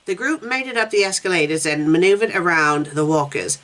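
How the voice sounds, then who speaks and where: A woman's voice: lowish voice, a little fast, a bit bright, low-quality recording. A woman reading fanfiction aloud in her normal voice, with no character voices. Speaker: fanfiction reviewer.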